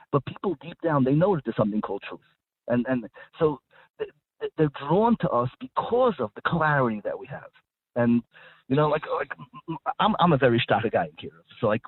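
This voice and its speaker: A man's voice: medium pitch, breathy edge, dry recording. A man speaking as a guest rabbi in a radio discussion, talking emphatically with frequent repeated words and restarts. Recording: dry, phone-like line.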